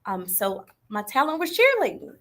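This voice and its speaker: A woman's voice: medium pitch, huge pitch swings, normal speed, a bit bright. A young adult woman with a Texas Southern accent, earnestly telling her pageant story as an interview guest on a video call, politely saying yes ma'am.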